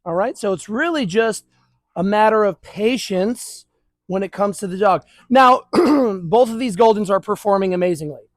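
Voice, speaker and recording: A man's voice: high voice, normal speed, no room sound, studio quality. A man working as a dog trainer, explaining a leash exercise to viewers while praising and handling dogs outdoors. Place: outdoors near grass.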